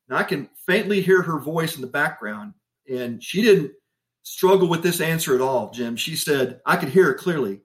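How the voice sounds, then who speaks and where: A middle-aged man telling a personal story in an interview, animated and laughing often. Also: on the high side, moderate pace. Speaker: guest.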